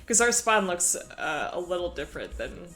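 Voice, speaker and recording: A woman's voice: lowish voice, sing-song, normal speed, a bit bright, soft background music. A woman chatting casually with viewers on a live stream, playful and giggly.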